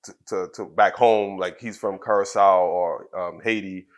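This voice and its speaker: A man from Trinidad, in his thirties, telling a personal story in an interview, soft-spoken and halting, with many fillers and restarts. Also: low-pitched, steady tone. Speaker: wrestler guest.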